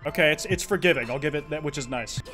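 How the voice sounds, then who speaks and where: A young man doing excitable, profane commentary while playing a fighting game. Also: on the high side, fast talker, over music. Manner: excitable, swears a lot. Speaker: gaming streamer.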